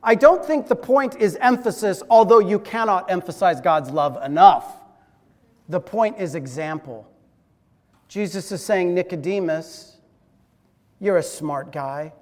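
Male pastor, high voice, slow deliberate sermon delivery in a reverberant church hall. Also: expressive. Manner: earnest, varies loudness and drops low for emphasis. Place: church sanctuary.

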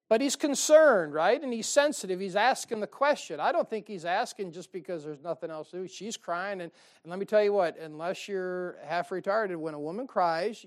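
Pastor guy preaching in church, cracks jokes, keeps going "amen?", gets loud then drops quiet. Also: high-pitched, normal speed. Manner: joking, calls out "Amen?" to the congregation. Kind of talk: sermon. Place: church service.

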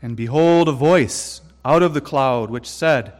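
Slow, deliberate male preacher in a reverberant hall. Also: mid-range voice. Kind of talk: sermon.

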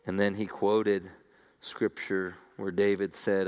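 A man's voice: deep voice, level tone, slow pace, darkish tone, clean tone. A man preaching a sermon, earnest and building to fervent appeals to his listeners.

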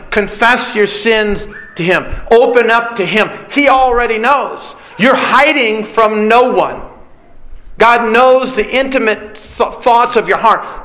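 A man preaching a sermon, earnest and emphatic, building points through repetition and pauses. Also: sits high, sharp tone, poor audio.

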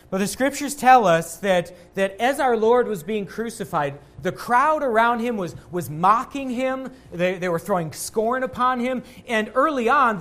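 A man preaching a sermon as a pastor, earnest, rising louder on quotations and dropping low and quiet at key points.

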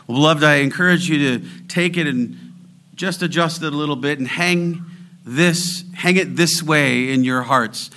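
A man preaching a sermon and leading prayer, swelling loud on scripture and dropping to a hush when he prays. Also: medium pitch, moderate pace. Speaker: pastor.

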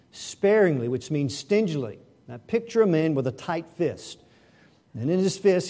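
A man preaching a sermon, animated and asking the congregation rhetorical questions. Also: a little high. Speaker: pastor.

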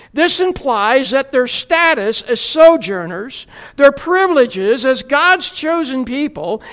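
A preacher from the United States delivers a sermon in a high, light voice. The pace is slow and deliberate, with wry humor that gives way to earnest teaching. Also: a bit bright.

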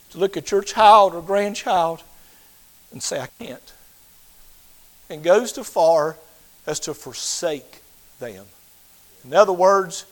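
An older man preaching a sermon, swinging between loud fervent passages and hushed, quiet ones. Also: sits high, rough recording.

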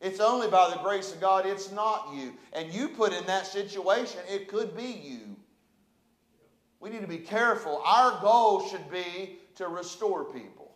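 A man's voice: sits high, a little slow, fairly bright tone, roomy sound. A man preaching a sermon as pastor, fervent and repetitive with emphatic delivery.

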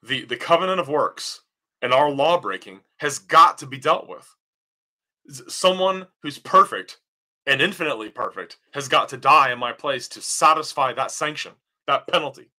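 Male pastor, sermon delivery, bright piercing tone, emphatic question-and-answer style. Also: mid-range voice, animated, moderate pace. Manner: emphatic, rising to near-shouts on key points; asks questions then answers them.

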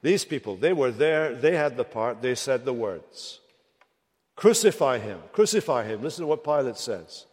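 A man's voice: medium pitch, expressive, normal speed, few pauses, a little mellow, husky. A middle-aged man preaching a sermon, dramatic, rising to impassioned rhetorical questions. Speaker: pastor. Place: church sanctuary. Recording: long church reverb.

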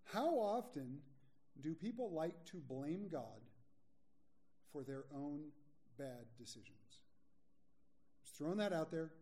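A man preaching a sermon as pastor, candid and joking, and slowing down to stress his key points. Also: fairly high pitch, animated, warm tone. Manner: candid, joking, slows for emphasis. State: a little sleepy.

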